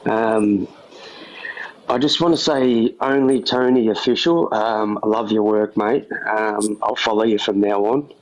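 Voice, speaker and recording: A man's voice: fairly low pitch, steady tone, measured pace, poor audio. An Australian man calling into a livestream, hesitant and friendly, with lots of ums. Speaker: caller. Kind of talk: casual chat.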